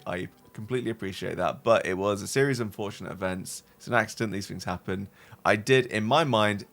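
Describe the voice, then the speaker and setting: A man casually telling a long story to his stream chat, animated and rambling, swearing freely and tagging sentences with "right?". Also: fairly low pitch, vocal fry. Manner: animated, rambling, swears a lot, tag questions. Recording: faint music behind. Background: faint music.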